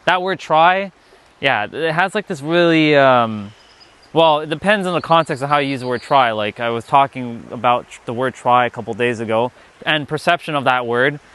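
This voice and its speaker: A man's voice: medium pitch, normal speed, a bit bright, clear, resonant tone. A young man giving a casual live-stream talk as a spiritual teacher, rambling and restarting his sentences often.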